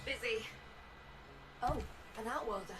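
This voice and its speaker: An actress playing a guarded, protective female leader of workers, who speaks in a brisk, wary, blunt way. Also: a little high, fairly bright tone, faint music behind, low-quality recording.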